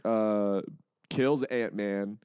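A man co-hosting a casual comic-book podcast, retelling the story in an animated way and slipping into quick character voices. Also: on the low side, clean tone, no echo, studio quality. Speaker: podcast co-host.

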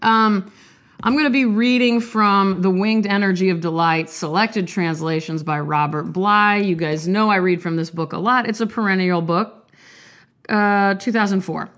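A woman's voice: medium pitch, moderate pace, fairly bright tone. A young woman with a cold, chatting in a rambling, candid, self-deprecating way before reading a poem aloud. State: sick, coughing. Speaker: artist vlogger. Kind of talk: casual confessional chat and poetry reading.

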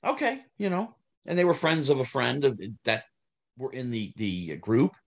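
A middle-aged man, telling stories in a casual interview, animated, climbing high when heated and trailing off low. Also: moderate pace, gravelly. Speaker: guest, former child actor.

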